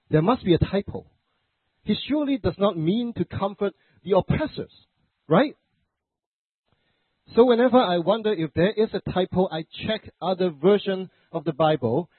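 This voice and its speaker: A man's voice: high-pitched, breathy edge, dry recording. A man pastor preaching a conversational sermon with a stuffy, congested voice from the flu, with joking asides and self-corrections. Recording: dry, phone-like narrow sound.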